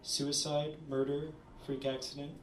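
A man reading his own short story aloud at a literary event, measured with small stumbles. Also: on the high side, little pitch movement, slight background noise. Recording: roomy, distant audience recording.

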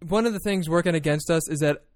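A man's voice: on the high side, fast, no room sound, studio quality. A young man co-hosting a podcast, chatting casually, joking and swearing and laughing often. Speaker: podcast co-host. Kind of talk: casual banter. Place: small room at home. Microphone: desk podcast mic.

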